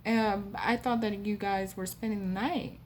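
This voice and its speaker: A woman's voice: mid-range voice, steady tone, measured pace, a little hiss or hum, natural voice. Woman voicing a creepy old gargoyle keeper. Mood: insistent. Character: creepy man in his eighties who keeps gargoyles.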